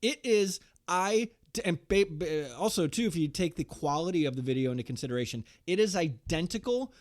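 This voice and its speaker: A man's voice: a little high, lively intonation, a little fast. A man co-hosting a podcast, chatting casually about wrestling in a blunt, sarcastic way and swearing freely. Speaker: podcast co-host.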